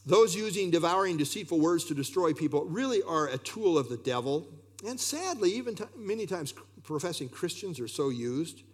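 A man preaching an earnest expository sermon, reading scripture aloud and often pausing with "uh". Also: fairly high pitch, big pitch swings, slightly rough. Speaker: pastor.

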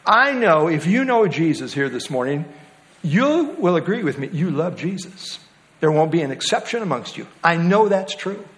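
A man's voice: fairly high pitch, sing-song, normal speed, a bit bright. A man preaching a sermon to his congregation, explaining scripture in an emphatic, expository way. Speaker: pastor.

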